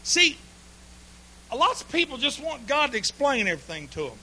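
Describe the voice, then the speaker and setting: A man preaches with a high, very bright voice. He tells folksy stories and breaks into sudden shouts and laughter. A faint hum sits under the recording. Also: very animated, normal speed. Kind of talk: humorous sermon.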